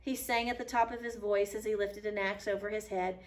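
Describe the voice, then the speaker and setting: A woman teacher reading a children's book aloud to a class, clear and patient, stopping now and then to comment. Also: medium pitch, steady tone, brisk. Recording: voice a little far from the mic.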